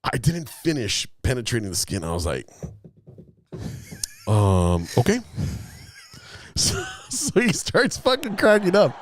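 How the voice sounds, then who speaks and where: A man's voice: mid-range voice, measured pace, pauses often, slight background noise. A man co-hosting a podcast, telling a story in a casual, profane way and acting out other people's lines. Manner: animated, profane, acts out quotes. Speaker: podcast co-host.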